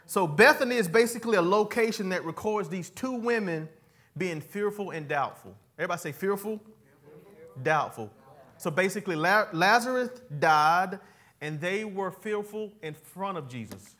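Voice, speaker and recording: A pastor preaching a sermon in church, swinging from loud cries to quiet, folksy asides aimed at the congregation. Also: male voice, high-pitched, animated, moderate pace. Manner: folksy, talks straight to the congregation.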